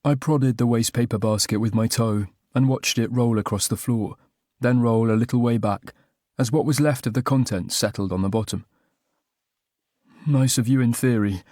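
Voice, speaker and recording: A man's voice: medium pitch, fairly even intonation, moderate pace, a little mellow, no echo. Male audiobook narrator, first-person, wry comic delivery, mid-range voice, dry studio recording.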